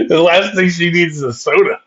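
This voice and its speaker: A man with a fairly high speaking pitch rambles through a profane comedy bit as podcast host, laughing as he goes. The sound is dull and lo-fi. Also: moderate pace, fairly bright tone, breathy edge. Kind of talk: casual comedic chat.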